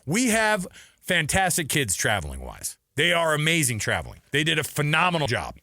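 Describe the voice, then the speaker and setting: A man's voice: a little high, normal speed, dry recording, clean studio sound. A man co-hosting a sports radio show, chatting casually and telling stories with lots of laughter. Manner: animated, laughing storyteller. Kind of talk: casual sports talk chat.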